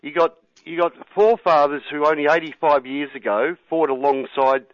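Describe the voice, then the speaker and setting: A man's voice: a little high, normal speed, dry recording, lo-fi sound. An Australian man calling in to a radio show, earnest and rambling, often saying mate. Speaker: caller. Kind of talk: call-in radio talk.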